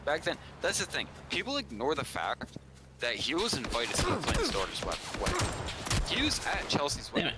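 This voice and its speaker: A man's voice: on the high side, huge pitch swings, moderate pace, very noisy. A man chatting casually on a gaming livestream, telling rambling stories and acting out quotes. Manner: rambling storyteller, acts out quotes. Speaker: livestream co-host. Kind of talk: casual chat while gaming.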